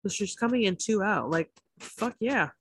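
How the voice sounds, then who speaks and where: A woman podcast co-host in casual chat, talking fast with swearing and animated asides. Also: mid-range voice, slightly rough. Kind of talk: casual chat about reality TV.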